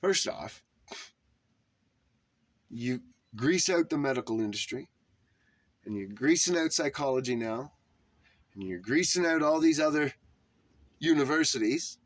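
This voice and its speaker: A man's voice: mid-range voice, expressive, unhurried, long pauses, dry recording. Fired-up man ranting with dry sound. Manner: heated, emphatic, swearing often. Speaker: religious commentator. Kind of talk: profane rant to camera.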